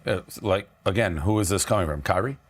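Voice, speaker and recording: A man's voice: low voice, brisk. A man with a Boston accent in casual comedic banter, skeptical and pushing back on his co-host.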